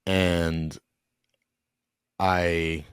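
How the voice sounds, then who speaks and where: Deep-voiced young man, earnest and halting. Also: level tone, clear, resonant tone, no echo, clean studio sound. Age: young adult. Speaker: podcast guest. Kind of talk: emotional personal storytelling.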